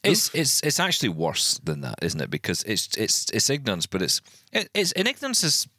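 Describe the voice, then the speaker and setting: Animated deep-voiced podcast host. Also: male voice, normal speed, no echo, studio quality. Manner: animated, exasperated ranting with many restarts. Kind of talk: casual chat.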